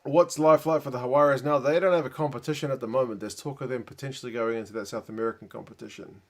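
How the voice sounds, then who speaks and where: A man with a New Zealand accent hosting a late-night live reaction stream. He mutters asides and answers chat comments in a relaxed, tired way. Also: medium pitch, quick pace. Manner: relaxed, muttered asides and chatty replies to viewers.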